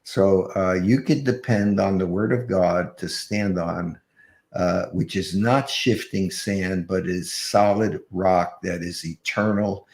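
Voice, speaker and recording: A male guest speaker closing his presentation, halting with many fillers and restarts. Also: deep voice, steady tone, darkish tone, reverberant.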